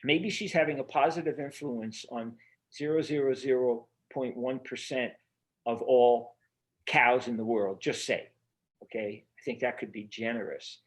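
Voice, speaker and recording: A man's voice: mid-range voice, measured pace. A man being interviewed as an author, talking in an earnest, rambling way with many fillers and restarts over a remote video call. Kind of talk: casual interview conversation.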